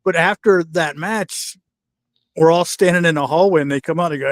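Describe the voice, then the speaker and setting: An older man telling backstage stories in a casual, animated way, acting out the voices of the people in them. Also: fairly high pitch, moderate pace, no room sound, clean studio sound. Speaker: guest wrestler telling stories. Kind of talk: casual storytelling.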